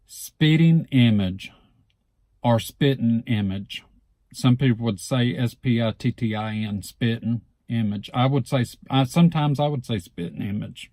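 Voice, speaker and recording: Southeast Alabama man, mellow and dry. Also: mid-range voice, no echo. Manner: relaxed, repeats words slowly and deliberately. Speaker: vlogger. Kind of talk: casual word-list reading.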